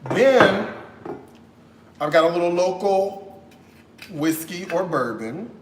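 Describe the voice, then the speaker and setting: An American man hosting a live cooking stream in a kitchen, talking in a sassy, animated way and tagging his lines with "okay?". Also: sits high, slow pace, slight background noise. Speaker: cooking show host. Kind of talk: casual live-stream chat while cooking. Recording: roomy echo.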